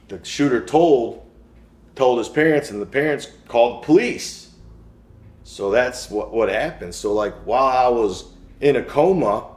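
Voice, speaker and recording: Young male interviewee, low voice, casual slangy storyteller; roomy sound with faint music bed. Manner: slangy, rambling, acts out quotes. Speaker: interviewee, shooting survivor.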